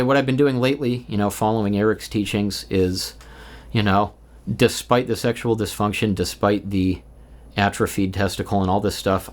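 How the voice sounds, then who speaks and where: Guy in his 30s rambling off the cuff, lowish voice, swears a lot, just talking to the camera alone. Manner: rambling and candid, with frequent profanity and filler. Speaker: vlogger. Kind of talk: unscripted stream-of-consciousness monologue. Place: indoors, recording alone.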